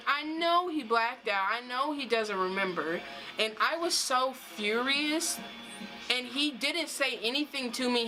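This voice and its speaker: A woman's voice: on the high side, sharp tone, low-quality recording. A young woman telling a personal story to camera in a casual vlog, rambling with lots of "like" and restarts. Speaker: vlogger.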